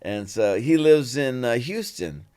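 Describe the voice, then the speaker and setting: At a measured pace and in a mid-range voice, an older actor guesting on an interview tells stories casually. He's animated and acts out exchanges using different voices.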